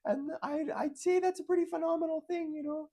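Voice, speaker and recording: A man doing a comic impression of a famous male debater, talking in a high childlike voice that strains his throat. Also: fairly even intonation, brisk, dark tone. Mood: mock-earnest.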